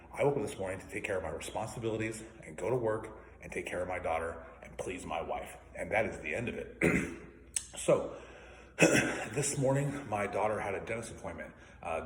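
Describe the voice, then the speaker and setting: An indignant man rants and swears, clearing his throat now and then. His voice sits low. It rings in a roomy space with a long reverb tail and faint noise underneath. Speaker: vlogger. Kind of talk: angry ranting monologue. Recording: echoey room with faint noise.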